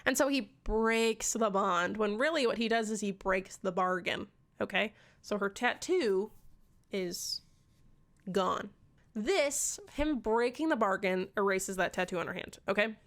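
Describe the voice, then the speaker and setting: A woman giving an animated, sarcastic book recap in a casual vlog, swearing often. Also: medium pitch, measured pace. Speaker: book reviewer.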